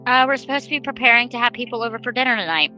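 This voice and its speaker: A woman's voice: on the high side, expressive, rapid-fire, sharp tone, dull audio, soft background music. A woman playing a tabletop role-playing game, playful and sassy, laughing often. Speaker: player.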